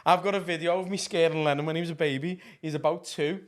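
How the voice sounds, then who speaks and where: A man's voice: a little high, steady tone, quick pace. A man, co-hosting a podcast, telling stories in casual chat, swearing freely and laughing through them. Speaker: podcast co-host.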